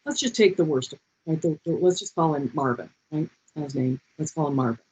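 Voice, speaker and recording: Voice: mid-range voice, brisk, darkish tone, husky, rough recording. An adult leading a group session in a heartfelt motivational talk, passionate and repeating key phrases, over a video call.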